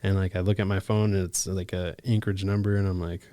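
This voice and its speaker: A man from Alaska working as a case manager, telling his own story in a casual, slangy podcast chat full of "like" and "bro" and quick laughs. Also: low-pitched, little pitch movement, mellow, no room sound, studio quality.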